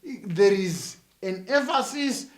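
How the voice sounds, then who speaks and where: A man's voice: sits high, expressive, takes it slowly, reverberant. A man with a Zimbabwean accent, a church minister answering interview questions in an emphatic, sermon-like way, repeating phrases with rising force.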